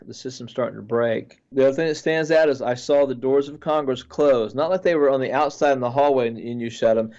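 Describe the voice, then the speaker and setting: A man's voice: mid-range voice, darkish tone, muffled recording. A male pastor earnestly recounting a dream he had, with frequent restarts and repeated phrases as he tells it.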